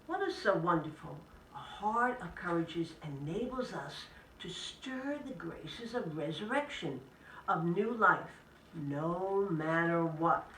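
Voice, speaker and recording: A woman, a Catholic sister, giving an inspirational talk to a live audience in gentle, measured phrases. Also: lowish voice, animated, slight background noise. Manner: gentle, measured delivery in short list-like phrases. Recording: echoey room, speaker distant from the mic.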